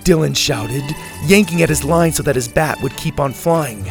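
A man narrating a children's adventure story in an expressive read-aloud manner. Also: fairly high pitch, moderate pace, music in the background.

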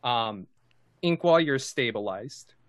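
A man running a tabletop game as game master, narrating in a measured way with small hesitations. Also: mid-range voice, animated, dry recording.

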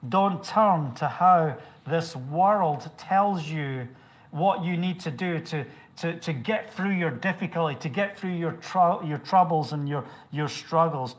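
Impassioned male preacher telling a story. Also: a little high. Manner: impassioned, swings from hushed to loud. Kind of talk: sermon storytelling.

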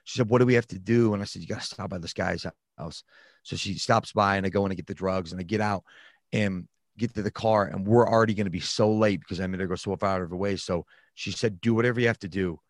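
A man's voice: fairly low pitch, fairly even intonation, quick pace, dry recording, studio quality. A man frankly recounting a personal story in conversation. He talks reflectively and often restarts his sentences.

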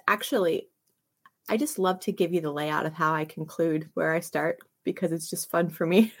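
A middle-aged woman hosting a casual devotional livestream, chatty and enthusiastic, greeting viewers by name. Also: fairly low pitch. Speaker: ministry host of a live devotional.

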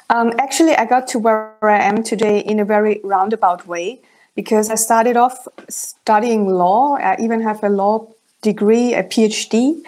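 A woman's voice: mid-range voice, a little mellow. Thoughtful German-accented woman. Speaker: therapist, guest. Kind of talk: interview conversation.

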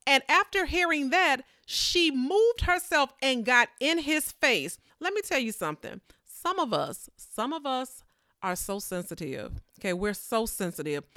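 Woman preacher, animated sermon, higher voice, smooth and clear, dry close sound, playful character voices. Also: no echo.

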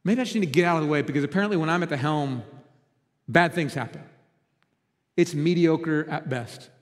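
A male pastor with a high voice tells his congregation a personal story during a sermon, swinging between loud, urgent stretches and hushed, quiet ones. The large church hall gives his voice a long reverb.

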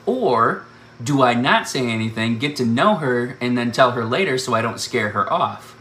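A man telling an animated personal story and laughing often as he goes. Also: mid-range voice, moderate pace. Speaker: speaker sharing a personal testimony. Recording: echoey room with faint background noise.

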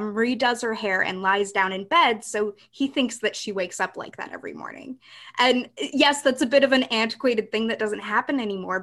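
A young woman guest speaks in an earnest, thoughtful way. She lays out her points at length in a relaxed interview. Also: mid-range voice. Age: young adult. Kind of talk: casual interview chat.

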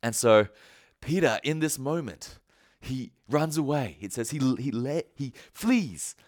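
Animated, casual preacher man. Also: mid-range voice, unhurried, no room sound, clean studio sound. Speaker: pastor. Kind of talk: sermon.

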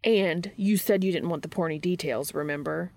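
A blunt, sarcastic young man, voiced by a woman reader. His lines land flat and wry, a little low and gravelly. The sound is close, with no room around it. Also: normal speed, dry recording, close to an everyday voice. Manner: sarcastic, dry delivery.

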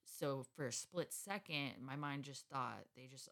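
Gravelly, frank woman in her thirties. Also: extremely low pitch, unhurried, a bit bright. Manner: frank and profane, drifts from joking to subdued. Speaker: podcast co-host. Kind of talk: casual podcast conversation, personal story.

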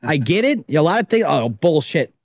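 A man's voice: fairly high pitch, sing-song, normal speed, no echo, studio quality. A man who makes documentaries, a guest on a casual podcast interview, talking in an emphatic, rambling way and swearing freely.

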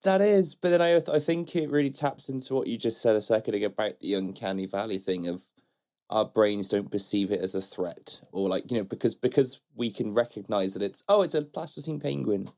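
A man co-hosting a podcast, telling stories in a relaxed, conversational way. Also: fairly low pitch, brisk. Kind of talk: casual chat.

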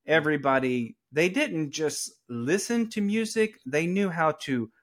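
A man's voice: on the high side, unhurried. A middle-aged man from Atlanta with a Southern accent, telling stories in a conversational podcast interview and acting out the people he quotes. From Atlanta, Georgia, US. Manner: animated storyteller who acts out quoted people. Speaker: attorney, podcast guest. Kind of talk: conversational storytelling.

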